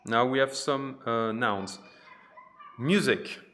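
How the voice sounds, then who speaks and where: A man leads a pronunciation lesson in an unhurried, measured way. His voice has a bright, forward ring. He says each phrase deliberately and twice, with patient, chatty remarks in between. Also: medium pitch, slight background noise. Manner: repeats each phrase slowly and carefully; patient, chatty teaching asides. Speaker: French teacher.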